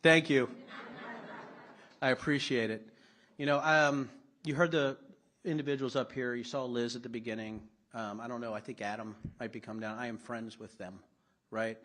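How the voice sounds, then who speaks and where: A man's voice: mid-range voice, steady tone, normal speed, fairly bright tone. A middle-aged man giving a conversational, self-deprecating speech to a live audience at a political summit, with blunt asides.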